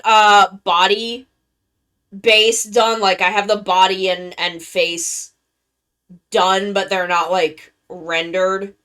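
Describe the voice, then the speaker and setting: Slow-talking tired woman streamer. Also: fairly low pitch, sharp tone, clear, resonant tone. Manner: rambling, halting, with many restarts. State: worn-out and tired, recovering from illness. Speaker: live streamer and artist. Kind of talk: casual live-stream chat with viewers.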